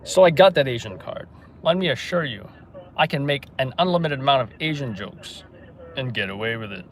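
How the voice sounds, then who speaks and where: A man's voice: medium pitch, lively intonation, brisk, slight background noise. A young man from Kazakhstan hosting a casual livestream from inside his car, joking and reading out viewer comments. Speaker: livestream street news reporter.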